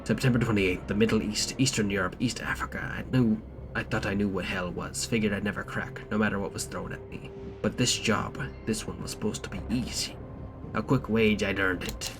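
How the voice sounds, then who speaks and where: Brief: gruff pirate drawl put on by a male streamer, low-voiced, game music behind. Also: steady tone, very slow, pauses often. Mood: grim. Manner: drawling, theatrical pirate talk. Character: gruff male pirate reading a grim note.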